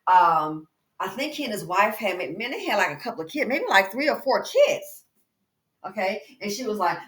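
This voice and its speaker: At a normal speed and in a mid-range voice, a woman hosting a commentary channel chats away, calling her viewer "girl" and "baby" with animated emphasis. It's casual commentary recorded in an echoey indoor room while she exercises.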